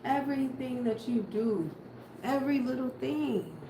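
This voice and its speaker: A woman's voice: high-pitched, expressive, unhurried. A woman doing a casual tarot reading, musing aloud and talking bluntly, with casual swearing. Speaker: tarot reader. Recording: echoey room with audible background noise.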